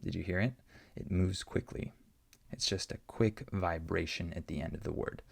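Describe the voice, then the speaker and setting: A deep-voiced man explains English pronunciation to learners, patiently repeating example words so each sound can be heard. His voice is heavily gravelly with a husky edge. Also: brisk. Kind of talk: explaining answers to learner questions.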